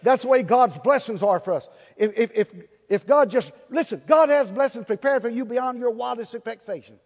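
Male preacher, high voice, folksy and animated, hall reverb. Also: normal speed. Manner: folksy, animated, acts out little scenes. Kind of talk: sermon. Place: church hall before a congregation.

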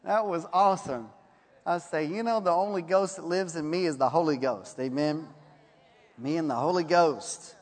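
A man preaching a sermon in a folksy storytelling way, reading scripture slowly. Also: a little high, big-room sound.

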